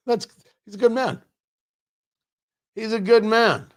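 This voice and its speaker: A male host on a live-streamed talk show, joking with chat viewers and often restarting his sentences. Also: sits high. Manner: animated, teasing chat-reader banter; halting, restarts mid-sentence.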